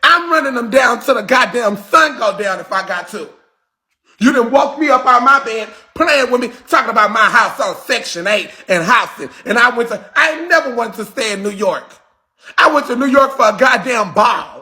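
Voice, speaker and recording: High, bright-voiced man ranting angrily. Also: lively intonation, moderate pace. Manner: shouting, cursing, confrontational. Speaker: livestream host. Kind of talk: heated livestream rant.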